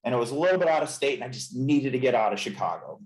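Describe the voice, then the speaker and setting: Speaking very fast and expressively at a medium pitch, a chiropractor recounts his story as a podcast guest. The candid interview has an earnest, reflective, emotional tone, captured with a roomy echo.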